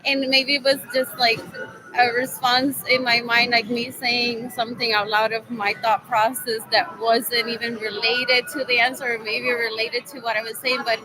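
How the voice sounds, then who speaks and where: A woman's voice: fairly high pitch, flat delivery, normal speed, music in the background. A woman talking in a rambling, giggly way, leaning on "like" a lot in a casual monologue. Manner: rambling, giggly, heavy use of "like". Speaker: vlogger. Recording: noisy background ambience.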